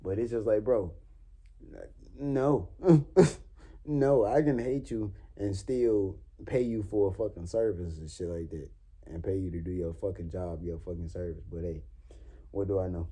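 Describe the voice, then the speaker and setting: Animated young man. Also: sits low, a little slow, slightly rough. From New Orleans. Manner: animated, swearing, laughs often. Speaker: vlogger. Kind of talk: casual story time monologue.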